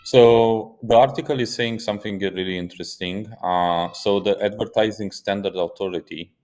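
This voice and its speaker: A man with a very low voice co-hosts a casual podcast discussion. He tells stories with animation and drops curse words for emphasis. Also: moderate pace. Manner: animated storyteller who swears for emphasis. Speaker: podcast co-host.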